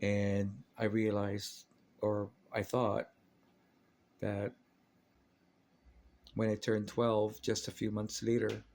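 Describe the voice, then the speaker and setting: A man's voice: fairly low pitch, monotone, takes it slowly, pauses often, darkish tone, a little hiss or hum. A man telling a personal story in a casual, rambling, earnest way, often restarting his sentences.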